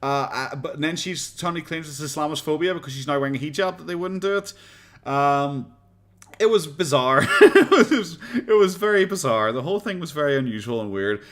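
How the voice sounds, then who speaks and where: A man's voice: fairly high pitch, expressive, fairly quick, fairly bright tone. An Irish man chatting casually as a streamer reacting to videos, rambling, swearing and laughing often. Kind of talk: casual chat.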